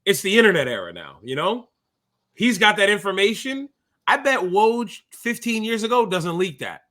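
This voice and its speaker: Casting: thirties man, podcast co-host, lively bright voice, jokey sports banter. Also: high voice, normal speed. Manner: animated, jokey, distracted mid-talk. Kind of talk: casual sports chat.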